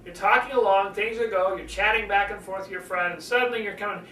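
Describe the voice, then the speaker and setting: An older man coaching public speaking, lively and animated, swinging his voice up and down to demonstrate. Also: quick pace, few pauses. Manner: animated, demonstrates pitch swings, acts out conversations. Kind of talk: speaking lesson to camera. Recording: roomy, from a distance, faint noise.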